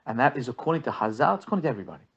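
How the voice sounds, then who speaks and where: This rabbi's marriage-course lesson comes through a muffled recording in a medium-pitched, slightly rough voice that is very animated and racing. Storytelling examples fill his teaching, and he tends to say his first words twice and perform the quotes he cites.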